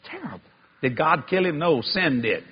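A man preaching a sermon, telling a story in a folksy way with y'all and ain't, swinging from loud exclaiming to low hushed tones. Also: animated, normal speed, highs cut off, slight background noise. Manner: folksy Southern-style speech with y'all and ain't.

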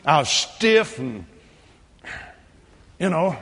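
An older man preaching a sermon, quoting scripture and telling a testimony, at times shouting praise. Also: high voice, expressive, unhurried, breathy edge, in a large hall.

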